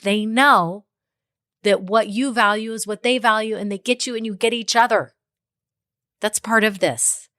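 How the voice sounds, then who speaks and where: A woman's voice: medium pitch, fairly bright tone, dry recording, clean studio sound. A woman hosting a podcast and giving business advice in a chatty way, often checking in with "okay?" and "right?". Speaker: podcast host. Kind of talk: solo business advice talk.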